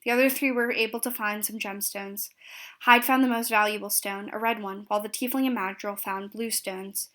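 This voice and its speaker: A woman's voice: mid-range voice, steady tone, normal speed, a bit bright. A woman narrating a recap of a tabletop fantasy game, reading steadily with small slips and restarts.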